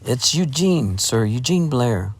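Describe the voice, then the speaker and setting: A man's voice: medium pitch, animated, slow. A man voicing a cheerful, easily flustered farm lad of about twenty, in a storybook reading. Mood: bashful. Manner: hearty, then stammering and embarrassed.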